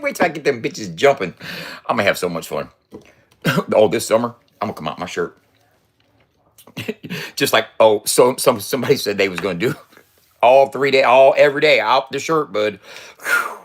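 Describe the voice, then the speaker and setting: A man's voice: medium pitch, sing-song, normal speed, long pauses, slightly rough. A man in his fifties talking casually in a loose, profane, boastful way and laughing often. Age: 50s. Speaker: vlogger. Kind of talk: casual rambling vlog.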